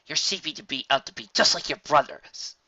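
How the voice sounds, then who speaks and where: A man's voice: fairly high pitch, brisk, bright, forceful tone, dry recording, muffled recording, voice pushed up. A man voicing a stern older mare pony in an audiobook reading, cold and commanding.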